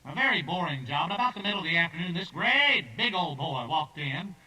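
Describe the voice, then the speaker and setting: A man's voice: on the high side, sing-song, brisk, pushed and bright. A man telling folksy jokes on stage, drawling through long stories and slipping into character voices. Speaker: stand-up comedian. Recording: distant, old tape transfer.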